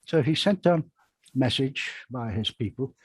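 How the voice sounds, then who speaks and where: Man, husky voice, dry sound, rambling anecdotal storyteller, video call panel chat. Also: mid-range voice, lively intonation, measured pace, dry recording. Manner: rambling storyteller with self-corrections. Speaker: magician and panel guest.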